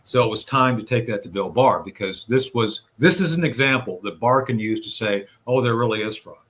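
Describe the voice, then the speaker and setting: A man with a low, husky voice tells his account in recorded testimony. He speaks deliberately and often hesitates and restarts mid-sentence, addressing his listeners directly. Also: a bit bright. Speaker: whistleblower advocate recounting events. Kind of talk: recorded testimony played on a radio show.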